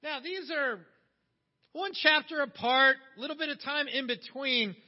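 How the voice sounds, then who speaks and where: A man preaching a sermon in a conversational way, putting questions to his listeners. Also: very high-pitched. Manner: conversational, asks the audience questions. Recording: dull sound with long hall reverb.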